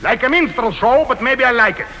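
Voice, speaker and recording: A blustering Russian film director. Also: male voice, extremely high pitch, lively intonation, brisk, sharp tone, a little hiss or hum, exaggerated voice. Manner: grandiose, mangles idioms. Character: blustering, boastful adult male film director. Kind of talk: 1940s radio comedy. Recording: 1940s radio broadcast in a reverberant hall.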